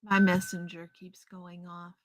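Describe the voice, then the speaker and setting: A woman's voice: fairly low pitch, flat delivery, measured pace, no echo, rough recording. A woman hosting a casual livestream, chatting with viewers and answering their messages by name. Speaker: livestream host. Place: home, in front of a green screen. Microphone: headset earpiece.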